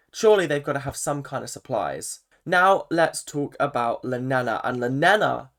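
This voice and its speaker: A vlogger giving a casual, chatty recap of a reality show, full of fillers and animated asides. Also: mid-range voice. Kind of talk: casual commentary.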